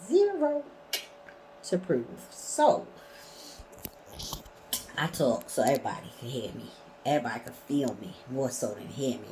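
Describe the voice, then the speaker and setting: A woman's voice: extremely low pitch, a little mellow, a little hiss or hum, rough recording. A woman vlogging in a casual storytelling way, blunt and emphatic, swearing freely.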